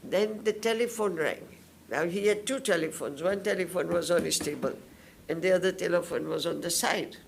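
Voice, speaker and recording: An older woman from India giving spoken testimony at a public hearing, telling her story slowly and in detail and acting out what others said. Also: lowish voice, gravelly, slight background noise. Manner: slow, detailed storytelling that acts out others' words.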